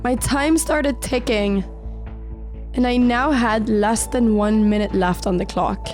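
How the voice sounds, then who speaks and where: A woman narrating her own chess game in a calm, measured voice-over, slightly sick with an occasional crack in her voice. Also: fairly high pitch. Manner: calm, measured storytelling of moves. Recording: voice-over with faint background music.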